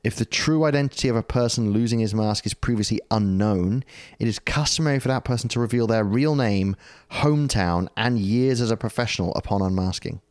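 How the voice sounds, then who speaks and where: A man's voice: fairly low pitch, a little fast, a little mellow, smooth, dry recording. A British man co-hosting a casual podcast chat, joking and reading quotes aloud. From Britain. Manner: jokey, laughing, reads quotes aloud. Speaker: podcast co-host.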